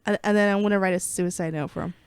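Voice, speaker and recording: A woman playing a tabletop game, explaining her character's plans in a deadpan way. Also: mid-range voice, racing, clean tone, no room sound, studio quality. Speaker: player. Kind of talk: casual tabletop game chat.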